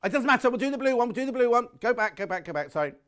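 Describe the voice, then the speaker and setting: High-voiced man selling on TV. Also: animated, fairly bright tone. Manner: chatty, rapid sales patter with frequent self-corrections. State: out of breath. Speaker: shopping channel presenter. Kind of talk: live TV sales pitch. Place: TV shopping studio.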